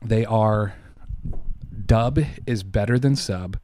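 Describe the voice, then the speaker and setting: A man's voice: lowish voice, slow pace, darkish tone, slight background noise. A man co-hosting a casual podcast, arguing heatedly and emphatically, with lots of swearing. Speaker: podcast co-host.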